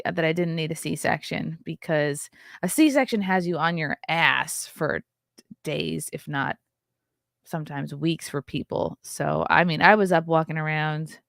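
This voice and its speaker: A woman's voice: deep voice, vocal fry, dry recording, clean studio sound. A woman in her thirties hosting a casual livestream, gushing and chatty with lots of fillers. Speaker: livestream host.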